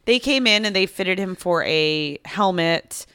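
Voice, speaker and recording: A woman's voice: lowish voice, expressive, a little slow, bright, forceful tone, slight background noise. A woman, a podcast guest, earnestly explaining events with hesitant 'like' fillers. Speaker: guest, officer's wife. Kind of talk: casual conversational recounting.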